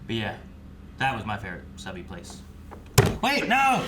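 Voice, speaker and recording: A young man co-hosting a reaction show, chatting casually and telling animated stories, laughing as he goes. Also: lowish voice, brisk, noisy background. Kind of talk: casual chat.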